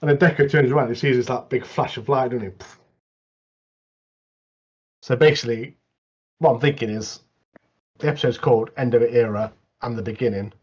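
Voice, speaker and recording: A man, co-hosting a podcast in animated casual chat. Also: medium pitch, a little fast, pauses often, breathy edge. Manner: animated, repeats mate a lot. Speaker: podcast co-host. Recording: dull lo-fi mic.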